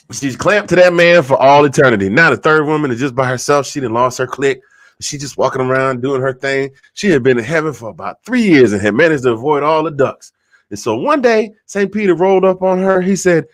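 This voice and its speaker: A man on a football roundtable show telling a long comedic story, animated and rambling, repeating himself for effect. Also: on the high side, fairly quick, no room sound. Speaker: regular segment host telling a joke.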